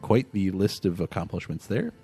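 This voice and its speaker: A man's voice: low-pitched, expressive, moderate pace, creaky, dark tone, slightly rough, faint music behind. A man hosting a casual podcast, laughing often and telling stories with animation. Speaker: podcast host. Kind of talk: casual chat.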